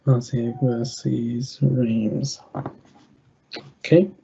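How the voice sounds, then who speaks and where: A young man giving betting tips over a video call, thinking aloud in a halting way with many fillers and restarts. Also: mid-range voice, fairly even intonation, creaky, warm tone, lo-fi sound, a little hiss or hum. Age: young adult. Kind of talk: thinking aloud while clicking through a screen.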